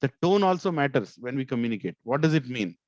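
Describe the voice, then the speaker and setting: A man's voice: mid-range voice, very animated, fast talker, a little mellow, dry recording, lo-fi sound. A male corporate trainer teaching an online session, often checking in with "right?" and stressing words to make his points. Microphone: video call.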